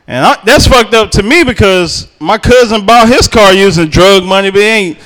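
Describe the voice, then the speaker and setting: A man telling a joke in a relaxed, conversational stand-up set. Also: high-pitched, moderate pace. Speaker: stand-up comedian. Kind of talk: stand-up set at an open mic.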